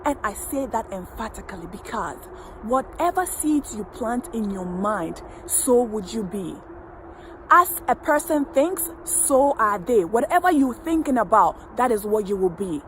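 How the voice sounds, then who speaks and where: Uplifting woman coach, slightly high voice. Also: animated, measured pace, noisy background. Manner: emphatic, repetitive, uplifting delivery; speaks directly to the viewer. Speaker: wellness coach. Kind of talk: motivational affirmation talk.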